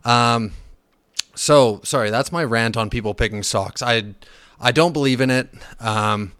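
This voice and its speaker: A man's voice: mid-range voice, unhurried, clear, resonant tone, no room sound, studio quality. A man hosting a casual solo finance podcast, blunt and profane, ranting with fillers and restarts. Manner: animated when riled, with fillers and restarts. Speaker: podcast host.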